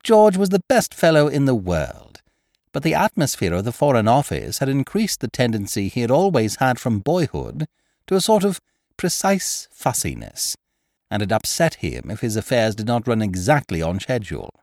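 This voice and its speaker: Animated male storyteller, dry close sound. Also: medium pitch, moderate pace, vocal fry, dry recording. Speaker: narrator. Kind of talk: audiobook reading of a classic story.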